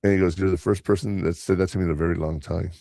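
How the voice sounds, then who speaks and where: A man's voice: deep voice, fairly even intonation, very fast, gravelly, mellow, no room sound, studio quality. An older man hosting a podcast in casual chat, rambling through stories and acting out other people's lines. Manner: rambling storyteller, quoting others in voices. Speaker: podcast host.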